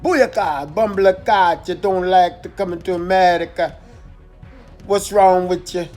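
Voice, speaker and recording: A man putting on an exaggerated Jamaican accent as a loud, joking character. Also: sits high, steady tone, a little slow, soft background music, pitched above the performer's own voice. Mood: boisterous. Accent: put-on Jamaican. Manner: boisterous, exaggerated.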